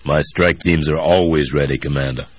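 A man voicing a gruff military colonel who gives short, clipped orders in a low voice. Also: steady tone, moderate pace, no echo. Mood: curt.

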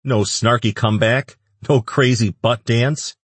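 A man's voice: mid-range voice, fairly even intonation, unhurried, breathy edge, dry recording, voice pushed up. A man voicing a cocky young vampire man who teases and jokes in an audiobook. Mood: mocking. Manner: mocking, teasing.

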